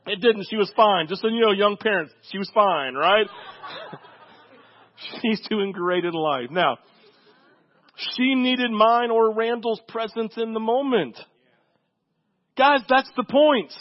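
A pastor with an extremely high-pitched voice delivers a sermon a little slowly, in a conversational manner dotted with frequent "right?" check-ins. The sound is muffled.

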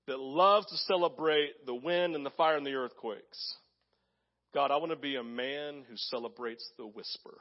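A pastor delivers a lively sermon in a slightly raised voice, full of energy and acted-out quotes. Sometimes he drops to a soft hush to make a point. The recording sounds somewhat dull and lo-fi. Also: high voice. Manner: animated, acts out voices in quotes; drops to soft, hushed tones for emphasis.

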